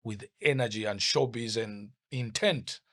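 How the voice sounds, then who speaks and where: A man's voice: lowish voice, measured pace, a bit bright, no echo. A middle-aged man from Uganda, a musician guest telling his story in an interview, reflective and prone to restarting his sentences. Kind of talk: casual interview chat.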